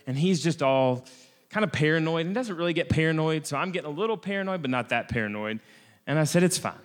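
A man's voice: mid-range voice, big-room sound. American man telling a comic travel story. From United States. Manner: lively, self-mocking, with frequent restarts. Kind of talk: comic personal travel anecdote.

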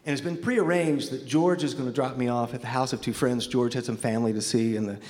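A man's voice: medium pitch, steady tone, fast talker, darkish tone. A man from Memphis telling a personal story on stage, wry and conversational, nervous and a little shaky. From Memphis, USA. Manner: conversational, wry, self-deprecating. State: nervous, shaking. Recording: long hall reverb.

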